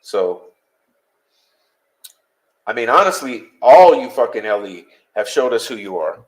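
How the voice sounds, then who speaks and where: A man hosting a live-stream talks straight to his chat in a blunt, heated way, swearing freely. His voice sits in an ordinary middle pitch, and his delivery is casual and conversational, with no polish. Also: sing-song, measured pace. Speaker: podcast host.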